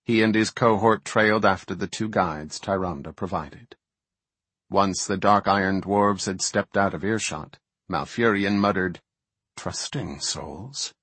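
A man reads a fantasy novel aloud in a steady storytelling voice. His tone is low and slightly husky. The recording is close and dry, with no room sound. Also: measured pace, no echo. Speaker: audiobook narrator.

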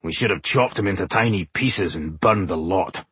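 A man voicing a gruff, battle-hungry male dwarf warrior with a growling, cranky manner. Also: low voice, normal speed, fairly bright tone, no echo, full character voice. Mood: eager.

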